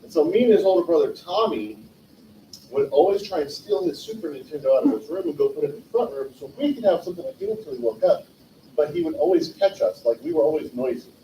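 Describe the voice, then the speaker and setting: Man, 40s, from California, rambling memorial anecdotes, mellow voice, echoey room, faint hiss. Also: fairly high pitch, expressive, fast. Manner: rambling anecdotes with self-corrections. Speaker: eulogy speaker. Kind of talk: livestreamed memorial storytelling. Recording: distant mic, roomy echo, faint noise.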